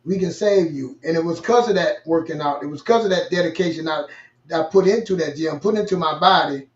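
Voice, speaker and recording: A man's voice: fairly high pitch, brisk. Man, earnest and repetitive, far from mic, echoey room, muffled sound. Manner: earnest, repeats himself, speaks in bursts. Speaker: co-host. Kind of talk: casual conversational talk. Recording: distant, roomy, dull remote audio.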